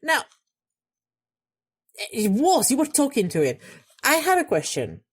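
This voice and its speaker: Young woman reacting to a show, voice swings all over, talks back at the screen, gets loud and angry. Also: high-pitched, huge pitch swings, unhurried, breathy edge. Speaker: reaction video host. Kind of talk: casual reaction commentary.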